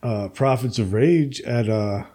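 A man's voice: medium pitch, slow, dark tone. An older man chatting casually and laid-back about past concerts, often with short replies. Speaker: punk fan in conversation. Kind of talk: casual chat.

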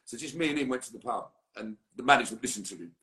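A man's voice: mid-range voice, expressive, racing, pushed and bright, roomy sound. A middle-aged man, a guest musician swearing freely as he rambles through anecdotes in casual podcast chat.

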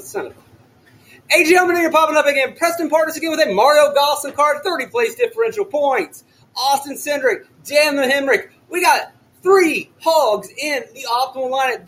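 Podcast host, male, young adult, very high voice, loud and excitable, frequently shouts. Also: slight background noise, low-quality recording. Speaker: fantasy sports podcast host. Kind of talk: solo podcast talk.

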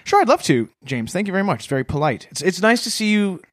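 A Toronto man co-hosts a comedy podcast, spinning absurd invented stories with a mock-serious, straight face in deadpan style. His voice is high-pitched, sing-song, and a bit bright, and he talks fast. There's slight noise in the background.

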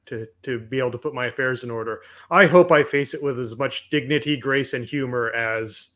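A man from Canada co-hosting a casual film review podcast, measured with a wry, deadpan humor. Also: mid-range voice. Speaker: podcast co-host.

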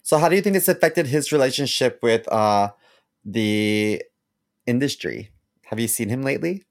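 A man's voice: mid-range voice, normal speed. A man co-hosting a podcast, telling rambling, wry stories in casual chat. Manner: wry, rambling storytelling with a lively lilt. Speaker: podcast co-host.

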